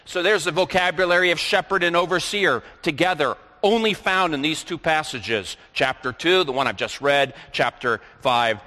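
A man's voice: mid-range voice, sharp tone. A man preaching a sermon, reading scripture aloud and then explaining it. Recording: long reverb of a large hall.

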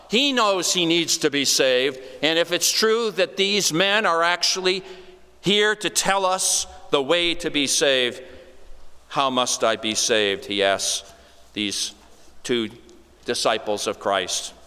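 Bright, resonant male preacher in a reverberant hall. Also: fairly high pitch, clean tone. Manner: conversational, with wry asides. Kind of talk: expository sermon. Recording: long reverb of a large hall.

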